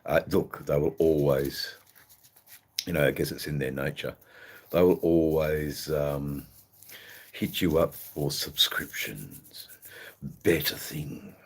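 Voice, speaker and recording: A man's voice: rumbling low, takes it slowly. An Australian man hosting a livestream in casual chat, rambling and hesitant, swearing freely. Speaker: livestream host.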